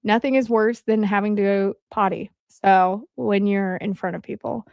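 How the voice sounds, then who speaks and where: A woman hosting a casual livestream, rambling along in a chatty way and filling her pauses with "um.". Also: mid-range voice, steady tone, vocal fry, darkish tone, no echo, studio quality. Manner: rambling, with frequent "um" fillers. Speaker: livestream host. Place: at home.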